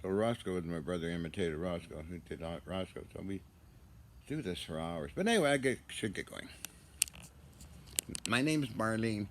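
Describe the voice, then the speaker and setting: Brief: low-voiced male vlogger, loose rambling talk, faint hiss in the background. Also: animated, a little fast. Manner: joking, rambling, often laughs. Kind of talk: casual rambling monologue.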